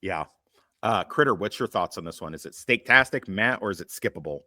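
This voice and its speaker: Animated, profane male podcast host. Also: low voice, fairly quick, no room sound, clean studio sound. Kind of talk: casual podcast chat.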